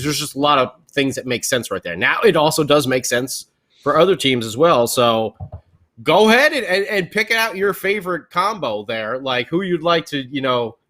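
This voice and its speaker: A man's voice: mid-range voice, bright, forceful tone. A man hosting a podcast, chatting casually about hockey trades in a rambling way with many restarts. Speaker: podcast host. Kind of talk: casual sports chat.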